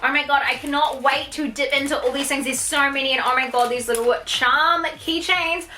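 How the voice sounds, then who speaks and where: A young woman in an unboxing vlog, gushing and excitable, swearing often as she opens gifts. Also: high voice, normal speed, a little hiss or hum. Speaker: YouTuber.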